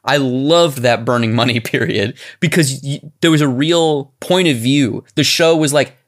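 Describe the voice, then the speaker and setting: A man co-hosting a podcast, talking in a casual, animated and rambling way with lots of restarts. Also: medium pitch, unhurried. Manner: animated, rambling with restarts, slips into mock voices. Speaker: podcast co-host. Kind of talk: casual chat.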